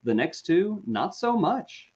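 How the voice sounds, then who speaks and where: A man co-hosting a casual live show, joking around with animated reactions. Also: high voice, takes it slowly, slightly rough, muffled recording. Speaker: co-host.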